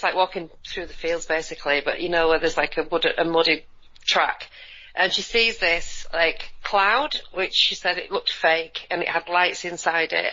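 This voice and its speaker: A woman's voice: lowish voice, bright, forceful tone, muffled recording, slight background noise. A woman co-hosting a radio chat, speaking in a wry, offhand way over a remote line. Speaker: co-host.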